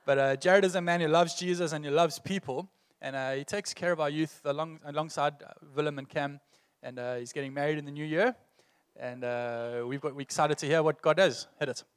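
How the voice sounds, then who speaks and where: A church leader introducing the next speaker in a relaxed, joking way, with many fillers. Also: male voice, fairly high pitch, fairly quick, clear, resonant tone.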